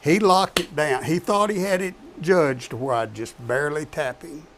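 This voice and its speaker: A man's voice: a little high, moderate pace, a bit bright. A man who is a professional truck driver, talking casually and repeating his key points for emphasis. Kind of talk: casual talk show chat.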